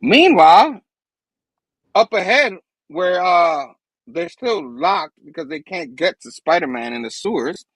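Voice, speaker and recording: A man hosting a show who recaps a comic book in an animated, rambling way and chuckles often. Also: high-pitched, unhurried, dry recording, poor audio. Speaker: host.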